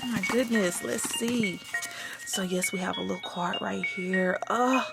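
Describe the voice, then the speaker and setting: A woman chatting excitedly to viewers while unboxing a gift box, gushing and calling them y'all. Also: mid-range voice, a little slow, vocal fry, loud music behind the voice. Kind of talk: casual unboxing chat.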